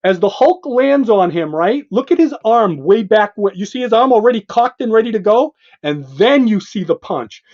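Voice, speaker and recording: A male co-host in an excited comic book discussion, emphatic and animated, pointing out panel after panel. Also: high voice, normal speed, hardly any pauses. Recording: dull lo-fi sound.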